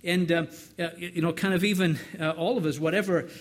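A man's voice: a little high, steady tone, brisk. A middle-aged man preaching a sermon in an earnest, conversational way, often repeating words as he builds up.

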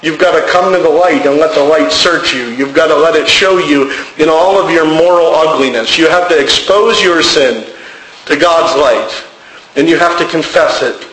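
High, bright-voiced man preaching. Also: moderate pace, slight background noise. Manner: conversational preaching with folksy asides. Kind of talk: sermon. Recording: roomy echoing room.

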